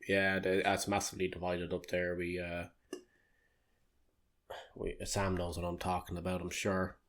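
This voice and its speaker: A man's voice: deep voice, monotone, normal speed, fairly bright tone. An Irish man co-hosting a podcast in casual chat, rambling and joking with loose swearing. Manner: rambling, swears freely, jokey. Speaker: podcast co-host.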